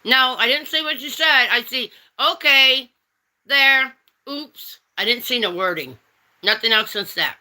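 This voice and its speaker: Sassy bright-voiced woman on a livestream. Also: high-pitched, measured pace. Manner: sassy, teasing, calls viewers honey and darling. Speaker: livestream host reading chat. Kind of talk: casual live chat.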